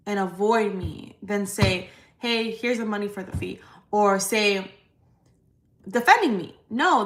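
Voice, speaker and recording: A woman's voice: medium pitch, a bit bright. A woman talking to viewers on a casual livestream, venting in a blunt, emphatic way with plenty of swearing. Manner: blunt, profane, emphatic ranting. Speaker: livestream host, credit repair business owner. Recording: roomy echo.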